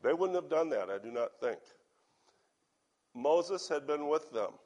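A man with a hoarse voice preaching a sermon, reading scripture aloud and asking his listeners earnest questions. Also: on the high side, expressive, measured pace, darkish tone.

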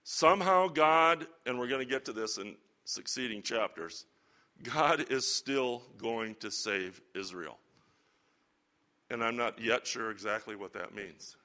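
A man teaching a Bible lesson to a church group in a relaxed, conversational sermon style with chatty asides. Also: mid-range voice, unhurried. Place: church or lecture hall with slides.

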